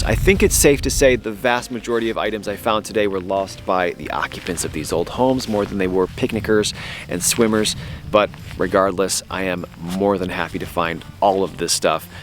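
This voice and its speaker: A man with a slightly low voice hosts a casual metal detecting vlog from a lake beach. He explains his finds in an eager, teaching way. Background music runs clearly under his words. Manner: explanatory, enthusiastic about finds. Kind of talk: casual outdoor vlog narration.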